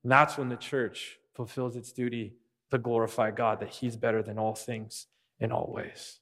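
A man preaching earnestly at a middle pitch, repeating his key lines to drive them home. His voice rings out with a long reverb, as in a big church sanctuary. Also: little pitch movement, moderate pace, fairly bright tone. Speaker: pastor. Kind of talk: sermon. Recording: long reverb of a large hall.

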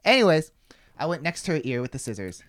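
A man's voice: on the high side, big pitch swings, quick pace, a bit bright. A young man hosting a podcast, telling a story in casual chat, rambling, swearing freely and filling with "like". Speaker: podcast host.

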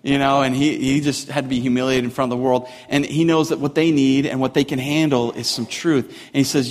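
A man's voice: medium pitch, steady tone, a little fast, few pauses, in a large hall. A man preaching a sermon in a casual, conversational way, with many "like" fillers, building intensity as he goes. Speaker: pastor.

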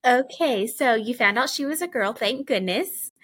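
A woman's voice: a little high, animated, normal speed, a bit bright, breathy edge, dry recording. A woman in her thirties hosting a podcast, asking questions and giving short, encouraging replies. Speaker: podcast host. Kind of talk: casual interview chat.

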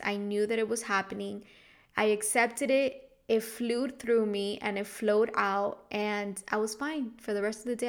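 A woman's voice: mid-range voice, fairly bright tone. A young woman telling a personal story in a casual, confessional way, rambling and restarting her sentences often. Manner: open, confessional.

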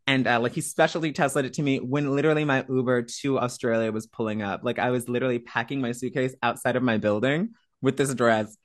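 A woman being interviewed, telling a story in a lively, profane way and acting out other people's lines. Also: very deep voice, fast talker. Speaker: interview guest. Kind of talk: casual storytelling chat.

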